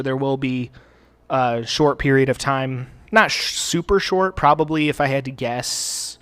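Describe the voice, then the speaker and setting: A man's voice: on the high side, a bit bright, smooth. A man hosting a gaming channel, talking casually over gameplay in a rambling, profane, self-deprecating way with many fillers. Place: home recording space.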